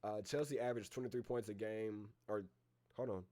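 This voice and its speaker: A man's voice: on the low side, fairly even intonation, mellow. A man hosting a casual live-stream reaction, talking in a slangy, rambling way and calling his listeners bro. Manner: reads down a list of names with filler pauses.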